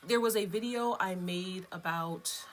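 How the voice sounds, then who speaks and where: A woman's voice: fairly low pitch, unhurried. A woman hosting her own vlog, chatting casually in a rambling, chatty way and laughing between thoughts. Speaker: vlogger host. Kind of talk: casual chat.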